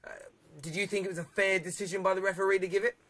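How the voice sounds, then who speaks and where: A young man hosts a live football phone-in, chatting with callers and reading out viewer comments. His voice sits high and sounds bright and forceful, and he laughs loudly and often. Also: level tone, rapid-fire. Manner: reads viewer comments aloud. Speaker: phone-in show host.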